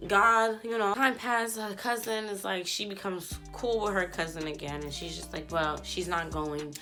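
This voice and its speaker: A woman's voice: mid-range voice, steady tone, moderate pace, sharp tone, soft background music. A woman vlogger and stylist telling a casual storytime rant, blunt and profane, acting out both sides of an argument. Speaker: YouTube host and stylist.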